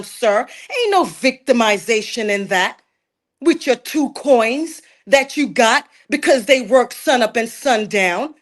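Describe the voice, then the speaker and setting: A woman's voice: fairly high pitch, lively intonation, slow. A middle-aged woman from Jamaica calling in to a talk stream, arguing emphatically and indignantly, repeatedly calling the host sir. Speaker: caller. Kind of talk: heated call-in debate.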